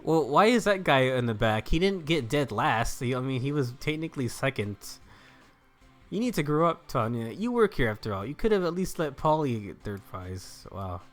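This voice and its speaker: A man's voice: medium pitch, very animated, normal speed. Young man rambling over a game. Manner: rambling, joking, often laughs at himself. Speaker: gameplay commentator. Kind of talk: casual let's-play commentary. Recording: faint game music behind.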